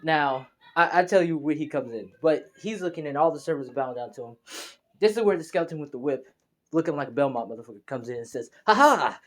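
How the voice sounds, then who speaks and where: A man's voice: a little high, fast talker. A young man narrating a fan story casually, in a rambling, slangy way. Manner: rambling, slangy, many fillers and restarts.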